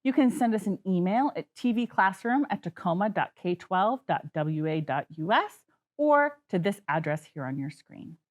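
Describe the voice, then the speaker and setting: A woman's voice: medium pitch, lively intonation, moderate pace. A woman teacher wrapping up a televised kindergarten lesson in a sing-song, encouraging way. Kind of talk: classroom broadcast wrap-up.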